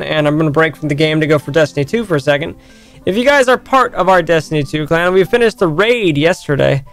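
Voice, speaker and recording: Male streamer, slightly high voice; reads game narration and chats with viewers over faint music. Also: clean tone. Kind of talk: game playthrough, reading story aloud and chatting.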